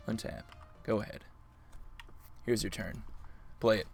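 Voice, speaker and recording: A man's voice: on the low side, steady tone, a little slow, pauses often, darkish tone, faint music behind. A man commentating his own card game on a live stream, playful and chatty with his opponent and viewers. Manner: playful, talks to opponent and chat.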